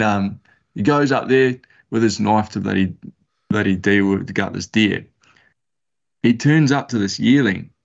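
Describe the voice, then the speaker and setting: A man's voice: fairly low pitch, gravelly, breathy edge, highs cut off. A man with a New Zealand accent telling hunting stories as a podcast guest, rambling and laid-back with lots of slang and fillers. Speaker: podcast guest, bush hunter. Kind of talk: casual storytelling.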